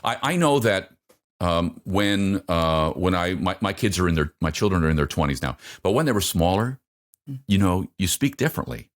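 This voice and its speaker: A middle-aged man from North America, a voice coach answering interview questions in a halting way, with many fillers and repeated words. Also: sits low, expressive.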